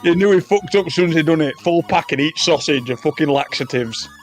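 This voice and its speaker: A man, co-hosting a podcast and telling crude stories in casual chat. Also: on the high side. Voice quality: brisk, profane, laughing storyteller. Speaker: podcast co-host.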